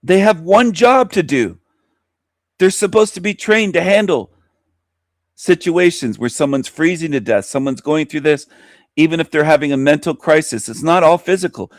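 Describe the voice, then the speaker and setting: A man's voice: fairly high pitch, normal speed, no room sound, clean studio sound. A man hosting a radio show, ranting angrily with lots of swearing and repeated points. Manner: heated, swearing, repeats himself. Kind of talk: angry profane radio rant.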